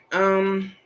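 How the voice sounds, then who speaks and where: A man's voice: high-pitched, fairly bright tone, highs cut off. A man hosting a casual livestream, chatting loosely and reading viewer comments aloud with plenty of fillers. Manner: chatty, rambling, many fillers. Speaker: livestream host.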